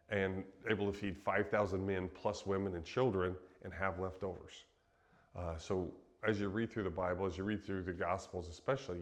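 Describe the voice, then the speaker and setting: Man with a somewhat low voice, from Western Kansas, relaxed conversational Bible teacher. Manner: relaxed, chatty, laughs easily, frequent ums. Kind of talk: casual Bible teaching chat.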